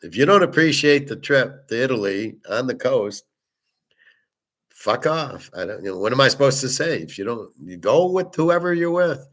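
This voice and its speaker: A man's voice: medium pitch, lively intonation, brisk, hardly any pauses, fairly bright tone. A middle-aged man hosting a casual monologue, telling a personal story in a blunt, profane way. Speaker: host.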